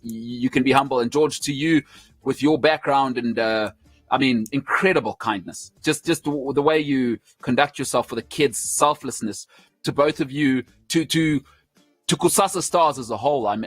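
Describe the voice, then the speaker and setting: A man with a fairly high, fairly bright voice hosts a sports talk show, chatting casually on a dry recording. He's effusive and grateful, often stumbling and restarting his words.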